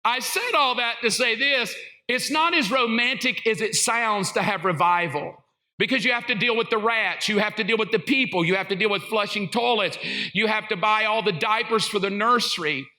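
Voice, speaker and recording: A middle-aged man with a Southern US accent, a pastor preaching a sermon full of funny stories, animated and self-mocking. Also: high voice, normal speed. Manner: animated, self-mocking, acts out voices and sounds. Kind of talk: comedic sermon storytelling. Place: church sanctuary.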